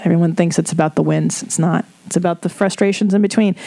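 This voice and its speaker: A woman's voice: fairly low pitch, steady tone, quick pace, hardly any pauses, mellow. A middle-aged woman hosting an advice podcast, talking frankly in a casual way, swearing freely and laughing often. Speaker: podcast host giving advice.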